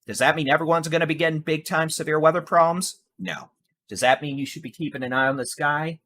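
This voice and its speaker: A man's voice: a little high, steady tone, fairly quick, fairly bright tone. A man giving live severe weather coverage in a conversational, reassuring way, addressing the viewers directly as folks. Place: home studio with air conditioner.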